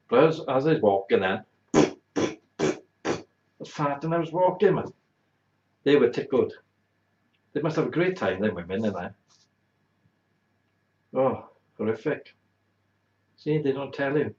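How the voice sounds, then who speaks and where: A man's voice: on the low side, a little mellow. A man hosting a talk show, telling a blunt, exaggerated, bawdy comic anecdote. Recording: roomy, dull lo-fi sound.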